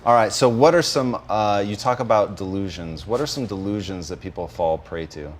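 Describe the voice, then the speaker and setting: A man's voice: on the low side, moderate pace. A man hosting an interview who talks in a reflective way, thinking aloud and telling a personal story. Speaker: host and company owner. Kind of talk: conversational interview.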